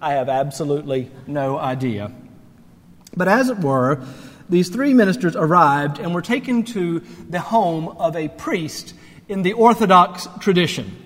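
A pastor delivers a sermon in a conversational, reflective manner. His voice sits slightly high and swells at points of emphasis. A long reverb from the church hall follows his words. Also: lively intonation, unhurried.

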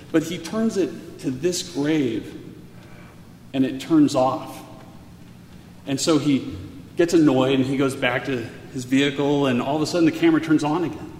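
A man recounts a personal story in an earnest, halting way, stumbling over and repeating words. His voice sits in the middle range. It rings with a long reverberant echo and a faint ambient hum behind it. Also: mid-range voice, a little mellow. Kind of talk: personal story told aloud. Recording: echoey hall with faint ambience.

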